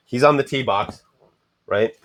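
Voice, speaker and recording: A man's voice: medium pitch, measured pace, dry recording. A man co-hosting a podcast in casual chat, telling rambling anecdotes full of swearing and acting out what others said. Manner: acts out quoted speech of others. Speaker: podcast co-host.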